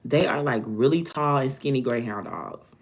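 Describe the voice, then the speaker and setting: A woman, telling a story to her viewers in an animated, dramatic way. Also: extremely low pitch, normal speed. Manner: animated, dramatic retelling with acted-out quotes. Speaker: vlogger.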